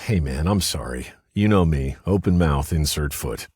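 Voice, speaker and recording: A man voicing a brash, profane male detective in an audiobook, loud and high above his own voice. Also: animated, moderate pace, husky, no room sound, studio quality, heavily acted. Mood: apologetic.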